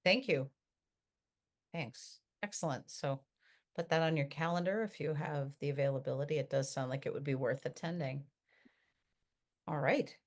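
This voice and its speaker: A woman chairing a town planning board meeting, brisk and friendly as she moves through the agenda. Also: sits low, a little mellow. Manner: brisk, friendly, laughs easily.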